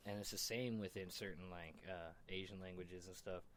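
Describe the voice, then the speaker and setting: A man in casual chat with friends, animated and swearing a lot. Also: deep voice, normal speed, slight background noise. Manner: animated, swears a lot, laughs while talking. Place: room with friends.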